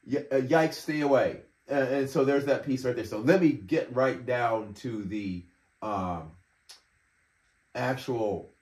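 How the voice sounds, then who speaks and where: A man in his fifties hosting a casual commentary show, reading messages aloud with sarcastic, profane indignation and frequent laughter. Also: mid-range voice. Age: 50s. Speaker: host. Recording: roomy echo.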